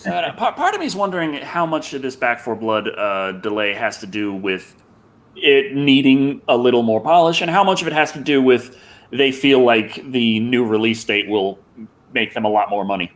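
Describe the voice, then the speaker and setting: A man hosting a casual online chat show over a video call, rambling and halting, with many restarts and repeated words. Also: medium pitch, lively intonation. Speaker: show host.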